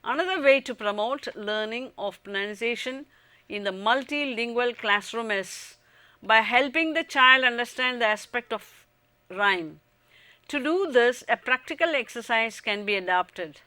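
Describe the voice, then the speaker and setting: Woman w/ indian english accent reading a lesson script, bright tone, kinda high, dry sound. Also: measured pace, dry recording. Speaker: lecturer. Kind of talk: scripted educational narration.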